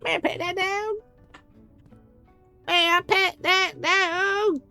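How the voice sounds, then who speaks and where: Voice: steady tone, bright, forceful tone, faint music behind, heavily acted. A polite little girl. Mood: pleading. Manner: squeaky, sing-song, drawn-out asking. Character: little girl politely asking to pet a dog.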